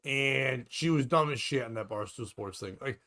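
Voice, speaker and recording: A man's voice: medium pitch, normal speed, pushed and bright. A man hosting a comedy podcast, riffing sarcastically and profanely in casual chat and acting out quotes.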